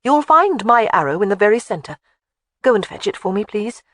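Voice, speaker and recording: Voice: medium pitch, very animated, fairly bright tone, no echo, clean studio sound, pitched above the performer's own voice. A narrator voicing a courageous young bride who snaps back and argues with her husband, in a storybook reading. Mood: tart. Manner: quick to snap back, argumentative.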